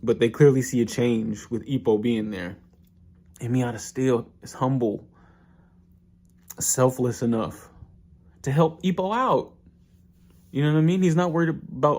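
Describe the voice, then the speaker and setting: A man casually recapping an anime episode, telling it with animated slang. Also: medium pitch, unhurried.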